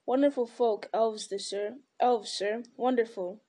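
A devoted, plain-spoken young hobbit man, voiced by a woman reading a storybook aloud. The tone is mellow and a little high, earnest and respectful. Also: steady tone, unhurried, natural voice. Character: loyal, earnest young male hobbit servant.

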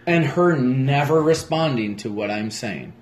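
A man's voice: medium pitch, animated, measured pace, darkish tone. A man co-hosting a casual chat, insistent and argumentative, pressing the same point over and over. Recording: echoey room.

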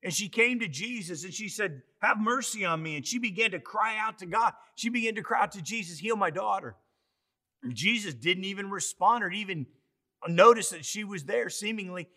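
Bright-voiced fervent man preaching. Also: high voice. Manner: fervent, emphatic preaching with dramatic swings in loudness. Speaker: pastor. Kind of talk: sermon. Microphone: online church service.

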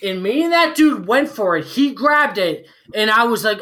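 A man's voice: high voice, expressive, normal speed, pushed and bright. A tipsy man in his forties, a podcast guest, telling a story in a casual, profane way with lots of fillers. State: tipsy from drinking.

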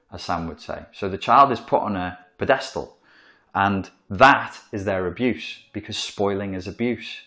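A man with a fairly low pitch and fairly bright tone gives an informal, blunt, profane psychology lecture, writing on a board in the room and acting out the voices he quotes.

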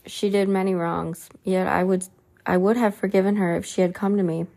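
A woman reading the lines of Jesus as a gentle, solemn man in a storybook reading. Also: medium pitch, flat delivery, vocal fry. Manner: slow, soft and solemn.

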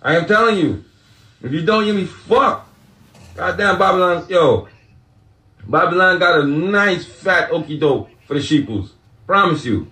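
Casual male host, high voice, profane laughing rant, echoey room. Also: expressive, a little slow, pauses often, sharp tone. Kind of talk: casual monologue.

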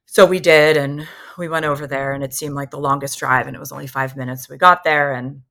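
A woman's voice: very deep voice, brisk, creaky. A woman in her thirties, a podcast guest, telling a personal story candidly and acting out what others said. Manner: candid, animated retelling that acts out what others said.

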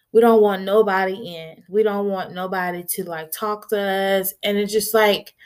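A young woman vlogger talking candidly and earnestly in a conversational way, with frequent filler phrases. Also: mid-range voice. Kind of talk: candid personal talk.

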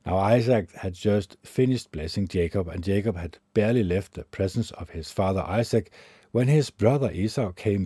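A man reads scripture aloud in a low, mellow voice with a husky edge. He keeps a measured pace and trips over a word now and then. The sound is close and dry. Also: no room sound. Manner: measured reading with occasional stumbles. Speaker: scripture reader.

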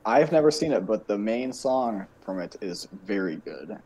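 A man's voice: fairly low pitch, very animated, moderate pace, dark tone, husky. A young man co-hosting a casual podcast, chatting in dry, easygoing banter. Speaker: podcast co-host.

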